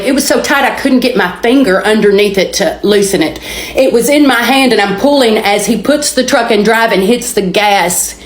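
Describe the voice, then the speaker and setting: A woman with a Southern American accent telling an emotional personal testimony, stumbling and restarting words as she goes. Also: medium pitch. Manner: storytelling, repeats and restarts words, dramatic pauses. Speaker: speaker sharing a testimony. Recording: roomy echoey recording.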